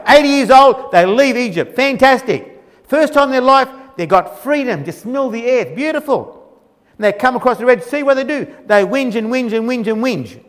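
A man's voice: very high-pitched, animated, normal speed, fairly bright tone, big-room sound. A man preaching a sermon in a colloquial, emphatic way, mocking the grumbling of the people he quotes.

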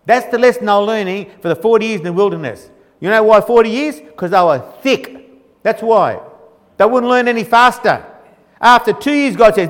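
Emphatic preacher in a hall. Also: male voice, high-pitched, animated, brisk. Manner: colloquial, emphatic, mocking quoted grumbling. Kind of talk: sermon.

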